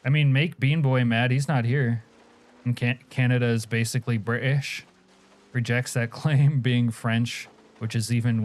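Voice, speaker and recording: A man's voice: mid-range voice, steady tone, moderate pace, a little mellow. A man from Alaska streaming a game, chatting casually and crudely with viewers, joking and laughing often. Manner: profane, joking, answers chat, laughs often. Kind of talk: casual live-stream chat.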